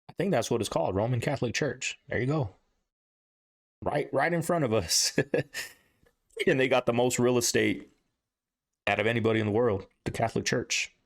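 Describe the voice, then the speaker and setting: A man hosting a reaction video, talking casually and emphatically, often repeating words to stress a point. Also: medium pitch.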